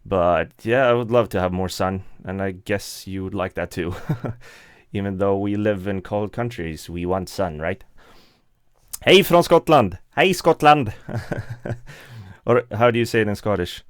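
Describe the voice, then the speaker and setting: A man's voice: sits low, normal speed, clear, resonant tone, dry recording, studio quality. A young man, chatting casually and laughing often as he reads out and answers live chat. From Sweden.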